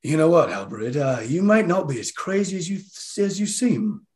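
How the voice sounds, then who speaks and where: A man's voice: fairly high pitch, big pitch swings, normal speed, a little mellow, pitched above the performer's own voice. A man doing a casual, hesitant craftsman. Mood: relieved.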